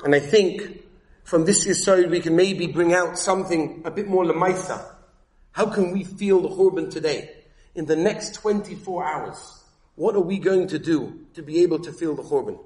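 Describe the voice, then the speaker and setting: High-voiced man giving an emphatic sermon. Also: moderate pace, a little mellow, roomy sound. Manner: emphatic, rising to high pitch when voicing quoted figures. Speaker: rabbi giving a talk. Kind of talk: Torah lecture with Yiddish-inflected Hebrew terms.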